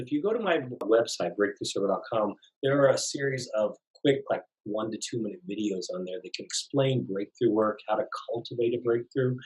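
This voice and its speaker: Calm, lower-voiced male facilitator. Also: rough recording. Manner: calm, gentle, explanatory. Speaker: somatic facilitator. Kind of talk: guided teaching talk.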